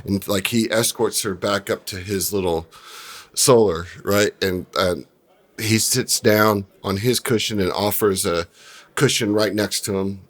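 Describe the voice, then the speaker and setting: Male game master, low voice, loose and chatty narration. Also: a little slow. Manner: relaxed storyteller with many fillers.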